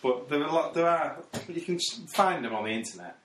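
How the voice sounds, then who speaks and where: A man's voice: a little high, lively intonation, fairly quick, fairly bright tone, recorded from a distance. A man chatting in a laid-back, giggly way during casual comedic banter. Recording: echoey room.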